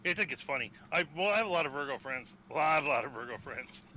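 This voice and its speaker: A man's voice: mid-range voice, lively intonation, fast talker, dull audio, noisy background. A man chatting casually over voice chat, teasing and laughing often. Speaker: friend in voice chat.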